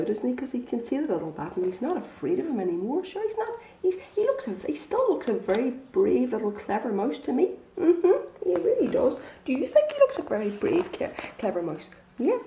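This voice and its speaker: Animated woman reading to kids. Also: high-pitched, normal speed, creaky, slight background noise. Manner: animated, coaxing, asks children questions. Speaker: storytime reader. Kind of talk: reading a picture book aloud to children. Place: bookshop. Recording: echoey room, dull lo-fi sound.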